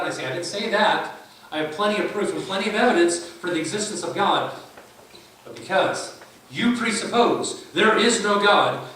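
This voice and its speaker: A man's voice: medium pitch, pushed and bright, a little hiss or hum. A man preaching at a conference, emphatic, acting out both sides of his debates with skeptics. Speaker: conference speaker. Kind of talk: sermon. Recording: echoey church hall from far off.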